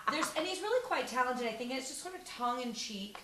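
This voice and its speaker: A woman's voice: high-pitched, animated, fast talker, pushed and bright, echoey room, a little hiss or hum, low-quality recording. A woman co-hosting an online morning show, chatting casually and rambling with lots of fillers. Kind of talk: casual chat.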